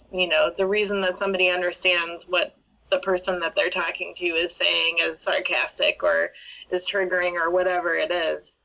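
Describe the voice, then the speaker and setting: A woman's voice: lowish voice, fairly bright tone, highs cut off. A woman co-hosting a casual chat about writing, thoughtful and hesitant with fillers, reading out listener replies. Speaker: podcast co-host.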